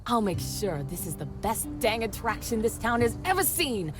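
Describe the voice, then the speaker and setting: A pumped-up video game showman who sells every line. The pitch sits high and swings widely, with game music clear behind. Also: very animated, normal speed. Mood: upbeat salesy. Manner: upbeat, salesy, confident. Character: eager adult showman planning a town attraction.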